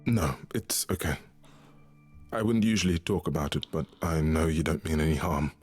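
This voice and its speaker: A sorrowful god, husky low voice, halting and confiding, game audio over faint music. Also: male voice, steady tone, darkish tone. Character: grieving male god Eros, weary caretaker son.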